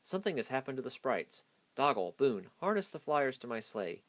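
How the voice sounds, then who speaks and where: A man's voice: mid-range voice, big pitch swings, normal speed, voice pushed up, lightly acted. A man voicing Santa as a commanding leader in a children's storybook reading.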